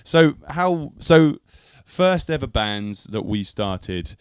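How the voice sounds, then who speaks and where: A young man co-hosting a music podcast on a live stream, chatting casually with jokes and lively asides. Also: mid-range voice, slow pace, smooth, no echo, clean studio sound. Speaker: podcast co-host.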